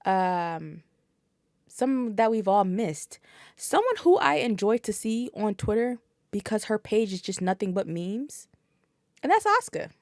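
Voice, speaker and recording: A woman's voice: medium pitch, sing-song, a little slow, no room sound, clean studio sound. A woman guest on a podcast, talking casually and bluntly, swearing freely and dropping fillers. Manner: blunt and profane, with frequent fillers.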